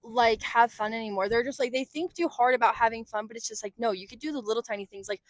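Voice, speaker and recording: Brief: young female co-host, slightly high voice, playful, dry close mic. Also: fairly even intonation, no room sound. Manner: playful, eager, quick to laugh. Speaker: podcast co-host. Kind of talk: casual chat.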